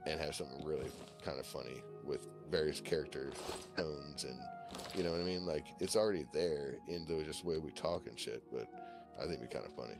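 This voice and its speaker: With music in the background, a man from Virginia speaks a little fast in an extremely low voice during a casual voice call. He rambles, curses, and leans heavily on "you know" and "like."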